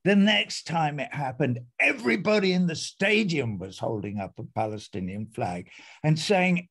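A man's voice: on the high side, very animated, normal speed, creaky, a bit bright, breathy edge. A man giving an impassioned, emphatic speech as an activist guest on a video call, repeating phrases for force.

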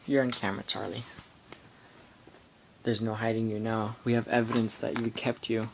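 A teenage boy rambling through a casual home vlog into his iPod camera, halting and full of fillers. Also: fairly low pitch, flat delivery, creaky, slight background noise. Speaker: vlogger.

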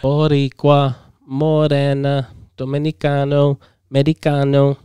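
A man hosting a podcast in casual chat, relaxed and slangy, calling his guest bro and man. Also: medium pitch, unhurried, clean tone, no room sound, studio quality. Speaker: podcast host.

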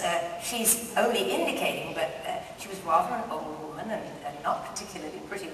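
A woman's voice: mid-range voice, noisy background. An older woman telling amused, self-deprecating stories as a guest at a live interview, laughing often. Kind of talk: anecdotal storytelling at a live interview. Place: large hall at a book festival with an audience. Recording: distant, echoey hall recording.

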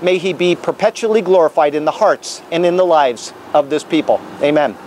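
A man with a high voice preaches in the open air as a traveling minister. He reads prayers and scripture earnestly and solemnly. Faint background noise is heard outdoors. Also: a little fast. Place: outdoors on capitol grounds.

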